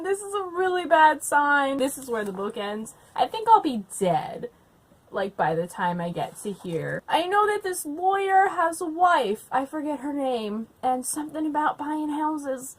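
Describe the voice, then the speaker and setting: A young woman at home, tipsy on wine, chatting casually to camera and ranting with lots of swearing and loud outbursts. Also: high voice, sing-song, normal speed. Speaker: book vlogger. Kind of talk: casual drunk reading vlog.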